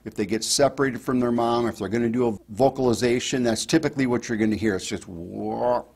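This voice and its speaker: A man of ordinary pitch walks listeners through hunting calls in a plain, instructional tone. He explains patiently and step by step. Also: fast talker. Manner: explains step by step, demonstrates softly. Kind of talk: instructional talk.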